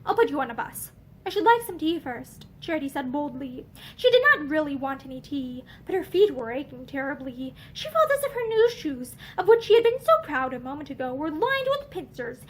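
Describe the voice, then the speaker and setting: Animated woman reading a novel aloud. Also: sits high, a little hiss or hum. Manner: expressive, animated narration. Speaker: audiobook reader.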